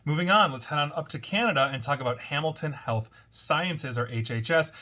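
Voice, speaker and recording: Bright, husky-voiced man reading news. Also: a little high. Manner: brisk, wry asides between items. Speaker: cybersecurity news host. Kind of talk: weekly news roundup commentary.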